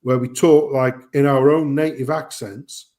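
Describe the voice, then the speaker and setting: A man's voice: medium pitch, fairly even intonation, a little slow, mellow. A man hosting a casual live chat, ranting and swearing. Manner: swearing, ranting, mimics voices. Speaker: host.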